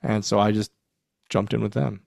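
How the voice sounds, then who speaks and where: This former wrestler, a man in his forties, has a low-leaning, creaky voice and talks at a normal speed. In a laid-back interview he tells backstage stories with animation, acting out what people said and laughing frequently, all in clean studio sound without room noise.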